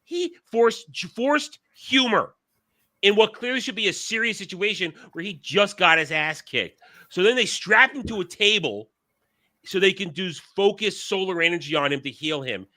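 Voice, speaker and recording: A man's voice: high-pitched, animated, moderate pace, bright, forceful tone. A man hosting a casual podcast discussion, talking in a blunt, profane, ranting manner. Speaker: show host.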